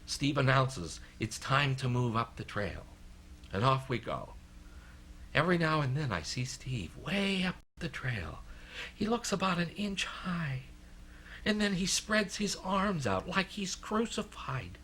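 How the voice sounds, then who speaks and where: A wry, self-mocking husband. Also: male voice, fairly high pitch, very animated, a little slow, a bit bright, slight background noise. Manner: wry, self-deprecating storytelling. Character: self-mocking, out-of-shape middle-aged husband. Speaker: film character narrating a monologue. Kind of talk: comic monologue from a film.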